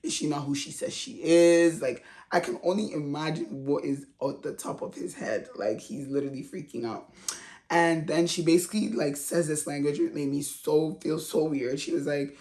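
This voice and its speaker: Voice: mid-range voice, expressive, normal speed, a little mellow. A reality TV recap vlogger talking in a casual, slangy, chatty way with frequent laughs. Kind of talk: casual commentary.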